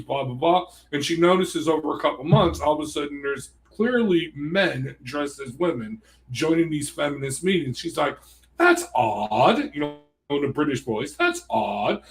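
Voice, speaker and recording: Male, somewhat high pitch, animated rambling storyteller, casual chat. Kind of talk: casual conversation.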